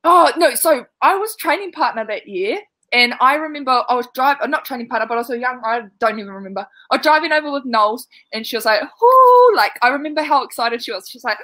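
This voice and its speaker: A woman's voice: high voice, fast, hardly any pauses, bright, forceful tone, no echo. A woman chatting over a video call, laughing and acting out what others said. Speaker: netball player, guest. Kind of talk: casual video call chat.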